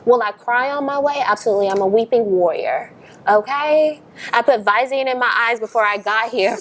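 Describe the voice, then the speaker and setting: A young woman, a podcast guest, telling her story in a casual interview, animated and emphatic, laughing often. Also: a little high, moderate pace.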